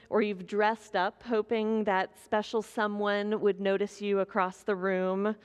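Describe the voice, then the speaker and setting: A woman preaching a sermon, with a slow, gentle way of telling stories. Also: on the high side, long reverb tail.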